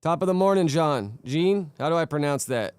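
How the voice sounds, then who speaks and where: A young man streaming live, talking in a loose, rambling way and greeting chatters one by one. His voice is very smooth and clean and sits slightly high for a man. The sound is close and dry, with no room in it. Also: animated, normal speed, dry recording. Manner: laid-back, rambling, greets chatters by name. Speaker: streamer reacting to videos and chat. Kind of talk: casual live-stream chat.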